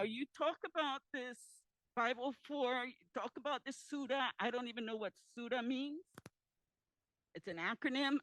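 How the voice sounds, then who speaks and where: Tearful woman, high, impassioned. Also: no room sound, poor audio. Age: 50s. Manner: impassioned, pleading, repeats herself. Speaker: community member at a public forum. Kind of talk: public comment. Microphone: handheld microphone.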